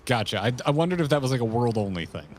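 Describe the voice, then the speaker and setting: A man co-hosting a game stream, chatting casually and joking with friends, often breaking into loud exclamations. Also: mid-range voice, rapid-fire, slight background noise. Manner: animated, jokey, swings into loud exclamations. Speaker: streamer and co-host. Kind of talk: casual gameplay banter.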